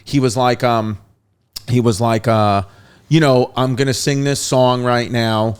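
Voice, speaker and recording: A man who is a comedian, a podcast guest telling a long story in a rambling, animated way. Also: mid-range voice, measured pace, clean tone. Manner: rambling, repeats "I was like", animated retelling. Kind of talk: casual storytelling.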